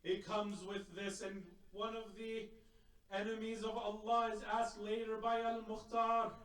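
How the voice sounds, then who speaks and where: A man's voice: high voice, little pitch movement, measured pace, fairly bright tone. A man, a sheikh, delivering a solemn, dramatic Muharram sermon in a community center hall. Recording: echoey hall, mic at a distance.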